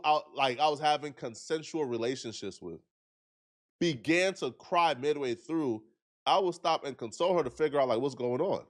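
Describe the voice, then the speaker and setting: A man giving earnest, argumentative commentary, repeating himself to press his points. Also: fairly high pitch.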